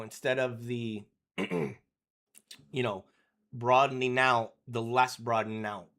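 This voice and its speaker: Clearing his throat often, this man rambles through casual day-trading commentary on charts, peppering it with "you know" and "right?" He has a mid-range voice with a fairly bright tone.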